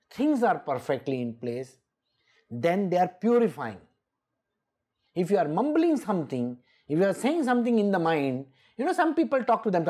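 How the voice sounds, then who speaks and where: Animated woman teaching scripture. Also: medium pitch, husky. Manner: emphatic, scolding, laughs often. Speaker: spiritual teacher. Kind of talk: scripture exposition talk.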